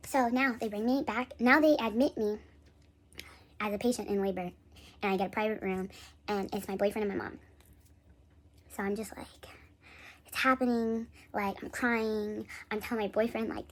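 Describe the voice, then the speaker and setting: A young woman talks to the camera in a lively, husky voice that sits high and leaps even higher as she acts out the people in her story. She chats casually and keeps the telling animated. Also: normal speed, long pauses. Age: young adult. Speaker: vlogger.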